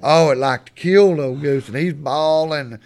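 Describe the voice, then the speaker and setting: Folksy, profane storyteller. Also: male voice, a little high, a little slow, creaky. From west Texas. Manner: folksy, profane, animated yarn-spinner. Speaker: podcast guest. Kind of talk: storytelling in casual chat.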